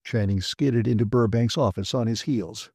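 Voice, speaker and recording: A man reading a classic science fiction audiobook with brisk, vivid storytelling. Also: on the low side, gravelly, dark tone, breathy edge, no echo, studio quality. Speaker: audiobook narrator. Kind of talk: scripted narration.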